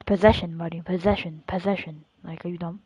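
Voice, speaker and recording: A young man commentating his own football video game and trash-talking his friends in a teasing, excitable way. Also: sits high, fairly quick, slightly rough, dry recording, dull audio. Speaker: gamer streaming a football match. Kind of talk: casual gaming commentary.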